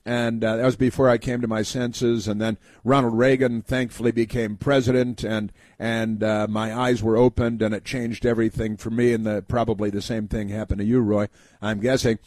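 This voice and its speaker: A man's voice: on the low side, level tone, moderate pace, darkish tone, no echo. A man hosting a call-in radio talk show, talking to a caller in a rambling, chatty way with many fillers and restarts.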